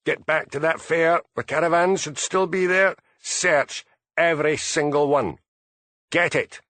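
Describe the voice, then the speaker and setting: A man's voice: a little high, measured pace, a bit bright, dry recording, pitched above the performer's own voice. A man voicing a brusque, scornful male police chief inspector in an audiobook.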